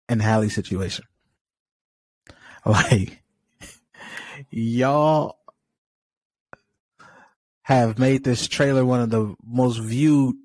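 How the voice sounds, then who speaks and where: A man's voice: medium pitch, a little mellow, no echo. A man from California co-hosting a podcast, talking in a frustrated, conversational way and laughing often. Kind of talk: casual chat.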